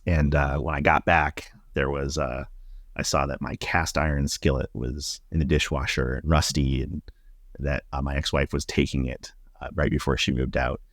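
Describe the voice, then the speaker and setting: A middle-aged man, a podcast guest, telling a personal story in a reflective, halting way with many fillers. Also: a bass voice, little pitch movement, no echo, studio quality.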